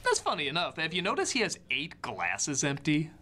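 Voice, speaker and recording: A man's voice: fairly high pitch, huge pitch swings, normal speed. A young man narrating a scripted film review in an enthusiastic, wry way. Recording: voice-over with faint music.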